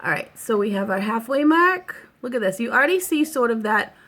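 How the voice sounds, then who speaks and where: Brisk and expressive, her somewhat high voice carries a bit of brightness. The Boston-accented woman, in her thirties, talks viewers through a casual makeup tutorial at home in a chatty, reassuring way, heavy on fillers.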